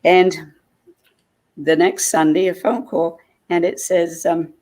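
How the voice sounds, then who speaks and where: A woman, a guest, telling a personal story in a lively way and acting out what people said. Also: lowish voice, slow pace.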